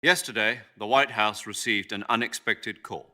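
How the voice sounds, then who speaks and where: An actor playing a veteran commander speaking in a dry, understated, wry manner over game cutscene music. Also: male voice, on the low side, normal speed, bright, forceful tone. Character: wry veteran male commander visiting a patient.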